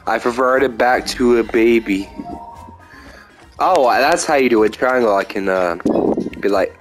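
A man's voice: lowish voice, moderate pace, faint music behind, rough recording. A man casually commenting on his own card game, goofy and rambling, joking to his viewers. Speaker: gaming video host.

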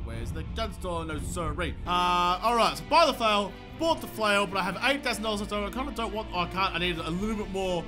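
A young man giving excitable gameplay commentary, swearing often and breaking into shouts when thrilled. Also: sits high. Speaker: gaming video host.

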